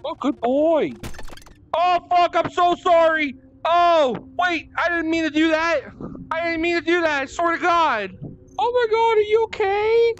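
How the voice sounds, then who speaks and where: A young woman streaming games live on a headset mic, excitable, laughing often and swearing freely. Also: extremely high pitch, unhurried, muffled recording. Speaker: game streamer. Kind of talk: live gameplay commentary.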